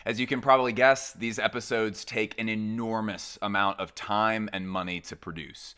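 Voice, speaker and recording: A man with a low, resonant voice and clean, clear delivery. He hosts a fashion channel, interviewing designers in Paris and making a candid, earnest appeal to his audience. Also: steady tone, normal speed, bright, forceful tone. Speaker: fashion critic and channel host. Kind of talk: interview and direct appeal to viewers. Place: Paris fashion shows and showrooms.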